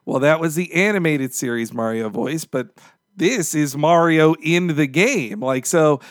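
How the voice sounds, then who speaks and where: A man with a fairly high voice joins a podcast as a guest. He tells stories with enthusiasm and animation. The recording is dry and close, with no room around it. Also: expressive, measured pace, no echo. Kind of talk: casual podcast chat.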